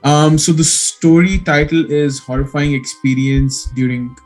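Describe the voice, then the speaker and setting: A man co-hosting a casual podcast who reads a horror story aloud in a slow, hushed creepy voice. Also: on the high side, level tone, soft background music, low-quality recording. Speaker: podcast co-host.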